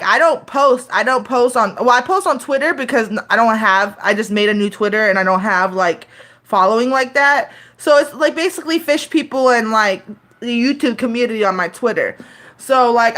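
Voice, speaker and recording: A woman in her thirties talking to her live-stream chat in a loose, rambling way. She swears freely and keeps restarting her sentences with fillers. Her voice sits slightly on the high side. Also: fairly bright tone.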